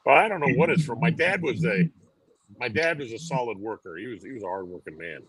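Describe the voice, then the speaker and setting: A man's voice: medium pitch, animated, fast talker, a bit bright, breathy edge, no echo, rough recording. An older man, a retired detective, chatting as a guest in a casual interview, easygoing and dryly funny, wandering a little as he recalls things.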